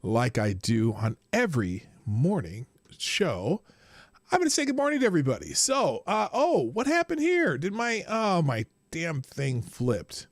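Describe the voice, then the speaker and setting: Male streamer host, slightly high voice, rambling and casual, dry room. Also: huge pitch swings, unhurried, dry recording. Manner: rambling, chatty, greets viewers by name. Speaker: livestream host. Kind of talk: casual live-stream chat.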